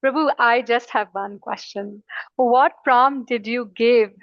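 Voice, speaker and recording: A woman's voice: fairly high pitch, slow, no echo, dull audio. A woman, a participant in the class, giving formal devotional greetings before her question.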